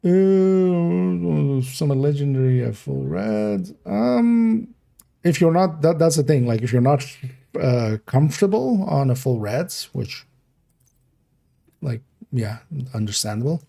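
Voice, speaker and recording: A man's voice: fairly high pitch, animated, slow pace, gravelly, mellow. A man streaming a game, chatting casually in a rambling, mumbling way full of fillers. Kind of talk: casual livestream game talk.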